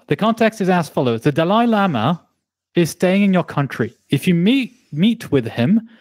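A man's voice: fairly high pitch, darkish tone, dry recording. A man hosting a casual podcast debate, putting playful mock-serious questions to his guests. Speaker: podcast host and debate moderator.

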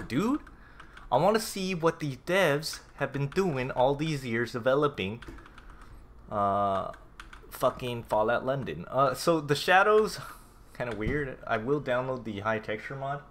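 A man casually commenting on a game as he plays, reading notes aloud, swearing and reacting loudly. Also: medium pitch, sing-song, unhurried, a little hiss or hum. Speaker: gameplay streamer. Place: home room with a cat.

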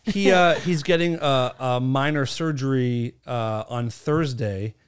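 A man's voice: medium pitch, slow, very noisy. A man from the Boston area hosting a podcast, chatting casually with crude, teasing, profane jokes. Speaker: host.

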